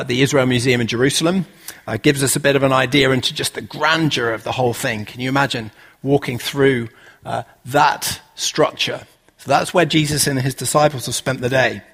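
A man preaching a relaxed, conversational sermon, full of "uh" fillers and rhetorical questions. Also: medium pitch.

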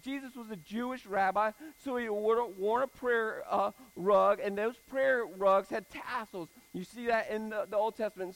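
A man preaching a sermon in a casual, animated style, repeating phrases for emphasis. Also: high voice, rough recording.

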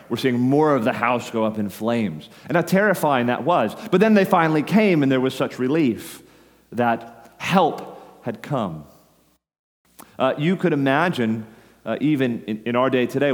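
Earnest male preacher in a reverberant hall. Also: mid-range voice. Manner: earnest, urgent preaching with frequent direct address. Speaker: pastor. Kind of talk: sermon.

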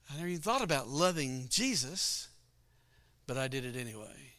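A man's voice: mid-range voice, big pitch swings, normal speed, a bit bright. A middle-aged male pastor giving a folksy testimony sermon, telling his story with frequent laughs.

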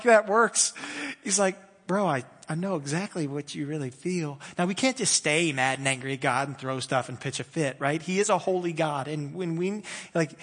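Preaching in a hall with long reverb, a high-voiced pastor gives his sermon conversationally. He moves back and forth between fervent outbursts and hushed, quiet passages.

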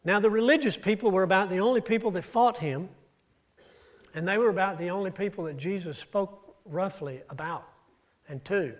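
Male preacher, slightly high voice, storytelling sermon delivery with rises and drops. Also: normal speed. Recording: audio-only church recording.

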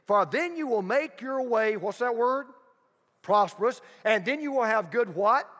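Male preacher, high animated delivery; emphatic repeats and sudden hushed lines; reverberant sanctuary. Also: measured pace. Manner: emphatic preacher, repeats key phrases, drops to near-whisper for emphasis. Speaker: pastor. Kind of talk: sermon.

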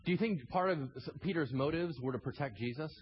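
A man preaching a sermon as pastor, animated, acting out scenes with sudden shouted asides. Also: fairly high pitch, brisk, muffled recording, slight background noise.

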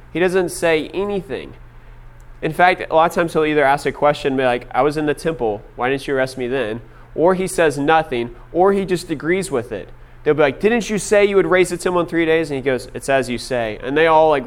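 A man's voice: fairly high pitch, brisk. A young man preaching a casual sermon, telling stories with lots of filler words. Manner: casual storytelling with many fillers. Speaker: pastor.

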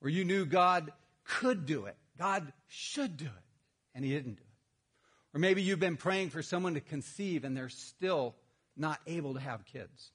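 A man's voice: on the high side, expressive, unhurried, fairly bright tone, slightly rough. A man preaching a sermon, telling a humorous personal story and then addressing the congregation. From Texas. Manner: storytelling, self-deprecating humor. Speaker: pastor.

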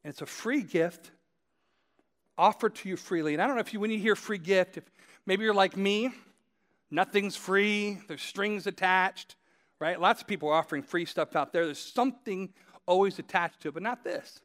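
High-voiced man preaching a sermon. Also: normal speed, a bit bright. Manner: conversational storytelling, addressing listeners directly; repeats phrases for emphasis. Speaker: pastor.

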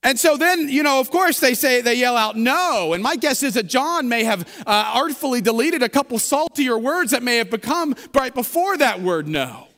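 A man pastor delivers a sermon like a humorous story told to friends. His voice sits very high and sounds bright and forceful. The long reverb of a large church sanctuary trails behind each phrase. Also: animated, normal speed, few pauses.

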